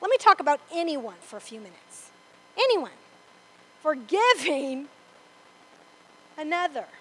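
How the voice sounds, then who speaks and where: High-pitched lady preaching in church, punchy and repetitive, lots of amen?. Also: sing-song, unhurried, rough recording. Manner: emphatic, repeats for stress, asks the congregation "Amen?". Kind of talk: sermon. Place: church before a congregation.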